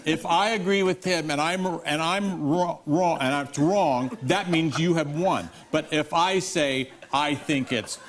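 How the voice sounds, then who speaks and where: A man's voice: a little high, measured pace, few pauses. A man appearing as a talk show guest, reasoning aloud in a dry, wry, mock-logical way. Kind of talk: game show banter. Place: TV studio.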